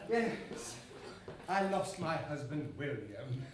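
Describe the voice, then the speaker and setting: A man's voice: fairly high pitch, big pitch swings, slow, crowd noise. A man playing a bawdy pantomime dame, a widowed nanny, cheeky and laughing on stage. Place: theatre stage. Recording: echoey theatre from far off, noisy.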